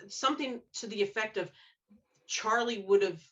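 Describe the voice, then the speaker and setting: A woman's voice: mid-range voice, moderate pace, highs cut off. A woman romance author chatting on a podcast panel, telling stories animatedly and acting out the quotes. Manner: animated storyteller, acts out quotes. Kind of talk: casual panel chat.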